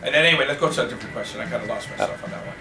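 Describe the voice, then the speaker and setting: A man's voice: mid-range voice, rapid-fire, gravelly, over music. A man moderating a fan Q&A in a casual, rambling way. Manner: rambling, loose asides. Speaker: event moderator. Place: convention event room. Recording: echoey room, off-mic, noisy.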